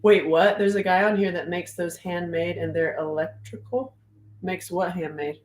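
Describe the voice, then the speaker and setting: A middle-aged woman chatting loosely on a livestream, joking and answering viewers' comments as she goes. Her voice sits on the low side for a woman. The room around her sounds echoey. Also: steady tone, normal speed, darkish tone, a little hiss or hum. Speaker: livestream host. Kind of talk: casual livestream chat.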